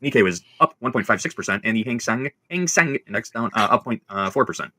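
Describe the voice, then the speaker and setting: A man's voice: on the low side, fast, pushed and bright, no echo. Chicago-accented male host, rattles off market figures at speed, dry close sound. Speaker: trading stream host. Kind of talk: live market commentary.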